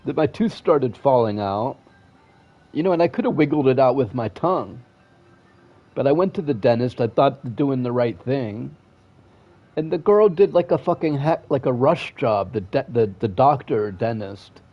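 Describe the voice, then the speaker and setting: A man's voice: mid-range voice, animated, moderate pace, highs cut off, soft background music. A man streaming a video game, rambling and aggrieved in casual chat, swearing constantly and trailing off mid-sentence. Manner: restless and aggrieved, trails off and restarts.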